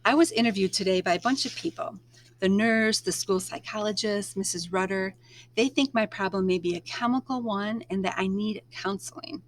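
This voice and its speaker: A woman reading a novel aloud, narrating in the first person at a measured, expressive pace. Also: mid-range voice. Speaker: read-aloud storyteller.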